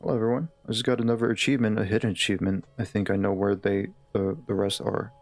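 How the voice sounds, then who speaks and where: A man's voice: on the low side, flat delivery, quick pace, no echo. A man live-streaming a game, chatting in a laid-back, easygoing way with his viewers. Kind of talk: casual live-stream chat.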